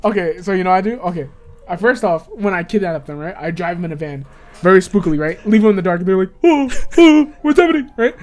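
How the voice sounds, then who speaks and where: A young podcast co-host who talks excitably, tells rambling stories and breaks into loud outbursts. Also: mid-range voice, fast. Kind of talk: casual podcast banter.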